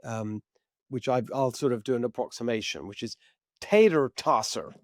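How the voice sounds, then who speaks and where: A man's voice: medium pitch, steady tone, fairly quick, darkish tone, dry recording, studio quality. A man hosting a political talk show, chatting in a rambling storytelling way with frequent restarts.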